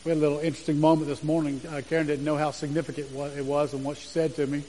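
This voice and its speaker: A man with a high voice preaches a sermon, earnest and deliberate as he reads scripture aloud with weight. His words ring out with a long reverb trailing behind them. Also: little pitch movement, warm tone, a little hiss or hum. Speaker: pastor.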